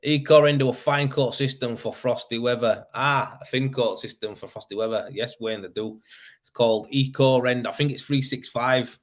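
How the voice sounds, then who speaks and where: A man with a West Yorkshire accent, from Leeds, rambles through a casual livestream as host, reading comments and laughing often. At a normal speed, his medium-pitched voice keeps a steady tone, and "you know what I mean" comes up repeatedly.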